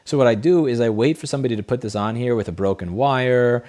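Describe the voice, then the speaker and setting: A man's voice: mid-range voice, fast, a little mellow. A man hosting a casual livestream, reading viewer messages and telling blunt, profane, rambling stories. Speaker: livestream host. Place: home studio desk. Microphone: studio headset mic.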